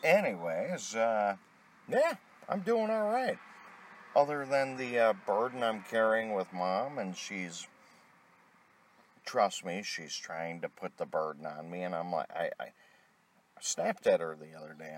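A man's voice: lowish voice, lively intonation, a little slow, slight background noise. A middle-aged man delivering an angry, profane rant, blunt and tired. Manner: angry, blunt, heavy swearing.

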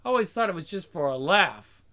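A man doing a gruff, cursing ringleader. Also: sits high, animated, brisk, sharp tone. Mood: scornful.

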